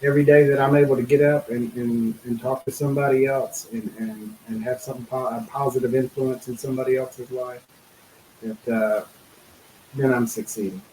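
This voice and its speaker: A middle-aged man speaking as a guest in an interview, telling a personal story in an earnest, halting way, full of fillers and restarts. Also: medium pitch, fairly even intonation, a little mellow, reverberant, slight background noise, rough recording.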